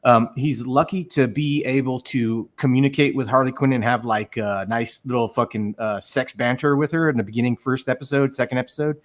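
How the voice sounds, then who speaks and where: A man's voice: medium pitch, steady tone, a little fast, hardly any pauses. Rambling, profane man on a stream panel. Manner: rambling, profane, many fillers. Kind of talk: casual panel discussion.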